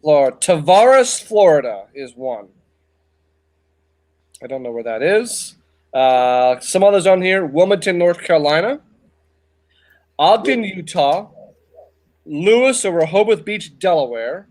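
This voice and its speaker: A middle-aged man with a slightly high voice talks casually as a co-host. He reads out items in a dry, wry way and adds short asides. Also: big pitch swings, unhurried, long pauses, darkish tone. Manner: dry, reads out lists with quips. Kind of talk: casual chat.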